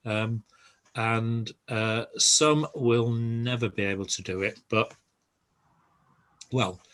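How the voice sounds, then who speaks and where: An older man giving a relaxed, reassuring language lesson, pausing often with ums and uhs. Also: mid-range voice. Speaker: Spanish teacher.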